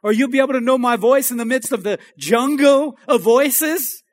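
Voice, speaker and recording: A male pastor preaching a sermon in a church, calling out to the congregation for amens and rising to shouts. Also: very high voice, normal speed. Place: church sanctuary.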